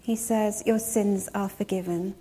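A woman preaching a sermon, retelling a story in a measured way and slowing down to stress key words. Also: medium pitch, fairly even intonation, dark tone, husky.

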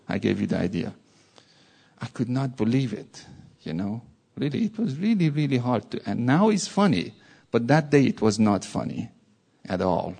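A man preaching a sermon with a low, gravelly voice and a husky edge. His tone is dark and mellow, and he speaks earnestly, repeating words to drive a point home. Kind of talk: sermon with a personal story.

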